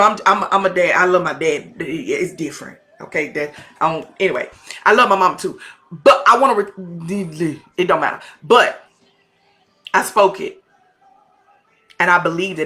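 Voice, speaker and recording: Texan woman pastor, middle-aged, drawl, bright forceful voice, fervent colloquial preaching to a live audience. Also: on the low side, creaky. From Texas, US. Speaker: pastor and podcast host. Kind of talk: impassioned motivational talk to a live audience.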